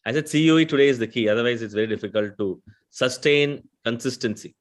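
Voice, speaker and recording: A man's voice: medium pitch, fast talker. A man with a South Indian accent speaking on a panel as a conversational AI vendor, explaining at length and often adding a questioning "right?". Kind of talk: panel discussion.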